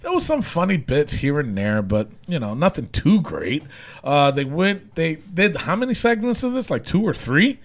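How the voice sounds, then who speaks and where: A man co-hosting a podcast, recapping wrestling shows in casual chat, animated and laughing often. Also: on the high side, normal speed. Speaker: podcast co-host.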